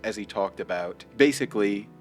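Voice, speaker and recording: A man's voice: on the low side, normal speed, faint music behind. A man hosting a commentary video, talking in a casual, sarcastic way. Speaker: commentary host.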